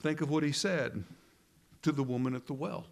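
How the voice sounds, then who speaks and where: Earnest and forceful, a man preaches, letting dramatic silences hang. Any line he quotes is spoken quietly and low.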